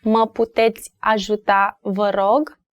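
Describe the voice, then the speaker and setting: A woman with a Romanian accent, a native speaker, teaching phrases in an unhurried lesson. She explains carefully and repeats each word slowly. Her voice sits at an ordinary middle pitch and is recorded close and dry, with no room echo. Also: little pitch movement. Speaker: language teacher. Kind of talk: language lesson.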